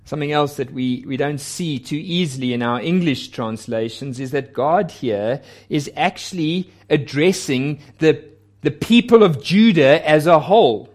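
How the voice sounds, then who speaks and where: Slow, earnest higher-voiced male preacher. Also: animated, darkish tone. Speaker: pastor. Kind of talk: sermon.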